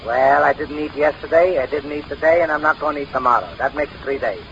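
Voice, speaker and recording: A man's voice: on the high side, quick pace, lightly acted. Brief: male actor as a dim comic sidekick with a thick Italian accent; lo-fi vintage radio, faint hiss. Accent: put-on Italian. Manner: broken English, simple comic logic. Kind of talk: 1930s radio comedy acting. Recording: dull lo-fi old radio recording.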